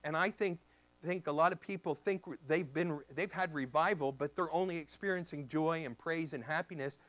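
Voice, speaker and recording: A man preaching as a pastor, telling a story in an animated way and acting out the voices in it. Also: on the high side, normal speed. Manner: animated, acts out voices in his stories. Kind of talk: storytelling sermon.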